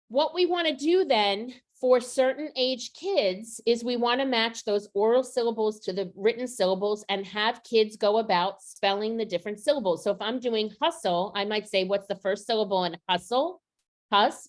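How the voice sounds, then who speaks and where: A woman runs a teacher training over a video call. She walks through each step slowly and keeps turning questions back to the group. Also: fairly high pitch. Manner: explaining step by step, asks questions. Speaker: literacy trainer.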